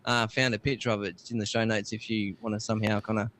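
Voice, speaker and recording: A man's voice: fairly low pitch, little pitch movement, quick pace, a bit bright. A young man co-hosting a tech podcast, easygoing and full of fillers, reading dates out carefully. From Australia. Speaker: podcast co-host. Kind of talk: casual chat, reading notes.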